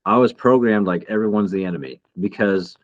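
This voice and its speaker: A man co-hosting a podcast, a military veteran speaking in a reflective, halting way in casual chat. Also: fairly low pitch, dry recording, lo-fi sound.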